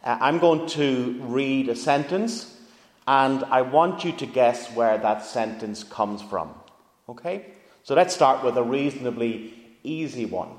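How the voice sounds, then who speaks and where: A man's voice: medium pitch, unhurried. Male pastor; chatty, engaging preacher who asks his congregation questions; recorded with long church reverb. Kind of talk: sermon. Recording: echoey church hall reverb.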